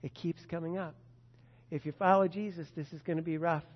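A preacher delivers a sermon at a slightly quick pace, his mid-range voice holding steady in a large hall, though the recording loses its high frequencies. He recounts scripture as a story, poses rhetorical questions to the listeners, and speaks directly to a disciple.

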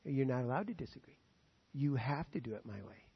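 A man's voice: medium pitch, lively intonation, fairly quick, breathy edge. A man preaching a sermon with an emphatic, indignant delivery. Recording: echoey hall, dull sound.

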